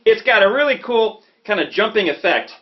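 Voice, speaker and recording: A man from Chicago giving a relaxed saxophone lesson, talking conversationally and checking in often with "okay?" and "you know". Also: sits high, brisk. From Chicago, USA. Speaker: saxophone teacher. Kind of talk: casual instructional talk. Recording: slightly dull lo-fi audio with faint music.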